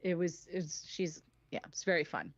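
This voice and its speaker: A woman co-hosting a weekly web show in casual chat, telling animated stories with lots of laughter. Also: lowish voice, moderate pace, dry recording, lo-fi sound. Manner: animated storyteller, laughs often, does excited impressions.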